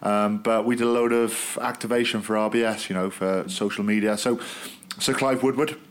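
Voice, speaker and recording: A man's voice: fairly low pitch, fairly even intonation, moderate pace. A man, a former rugby player, telling jokey stories in a casual podcast chat. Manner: storytelling, joking, laughs at own jokes.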